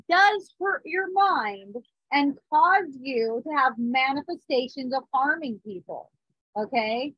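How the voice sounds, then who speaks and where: A woman's voice: high voice, dry recording, dull audio. A woman in her thirties giving a spiritual talk, earnest, with small restarts and frequent check-ins. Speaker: spiritual teacher. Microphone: phone or device mic.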